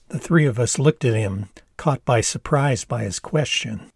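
An older man reading his own memoir aloud in a measured storytelling manner. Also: medium pitch, vocal fry, slightly rough, no room sound, clean studio sound. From Ann Arbor, Michigan, USA. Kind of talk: audiobook narration.

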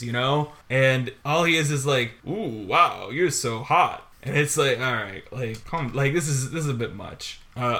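A man in casual podcast chat, rambling from one tangent to the next. His voice sits at an ordinary middle pitch, and he laughs often as he talks. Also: fairly bright tone. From Chicago area. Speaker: podcast co-host.

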